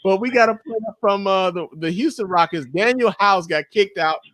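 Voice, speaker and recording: A man in his thirties co-hosting a podcast, chatting casually about sports with loud, laughing, profane banter. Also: sits high, moderate pace, no echo. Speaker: podcast co-host.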